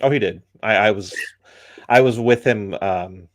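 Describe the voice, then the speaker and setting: A man's voice: fairly low pitch, a little slow, dry recording. A man in casual chat, giving an opinionated critique full of ums and likes. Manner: rambling, many ums and likes.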